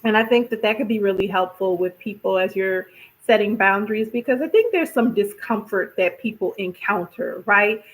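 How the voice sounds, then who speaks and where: A woman hosting a casual wellness talk, chatty and expressive, often repeating herself and asking "right?". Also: medium pitch, normal speed, poor audio. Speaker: podcast host.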